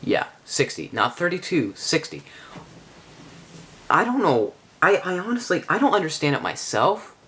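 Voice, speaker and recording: A man giving a casual spoken game review, rambling and halting with many restarts. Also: high voice, very animated, bright, forceful tone, a little hiss or hum.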